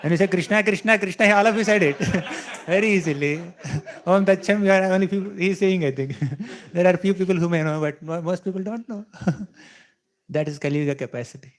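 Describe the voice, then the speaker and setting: A man's voice: high-pitched, brisk. A man giving a devotional scripture talk to a live audience, teaching in a conversational way, often checking "right?" and chuckling as he explains. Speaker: temple speaker teaching scripture. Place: temple hall with audience.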